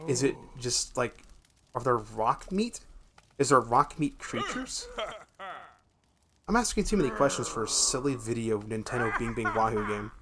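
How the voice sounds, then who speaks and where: A young man with a gravelly voice, streaming a game from home and chatting in a rambling, profane way. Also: medium pitch, animated, moderate pace, crowd noise. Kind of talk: casual gameplay chat.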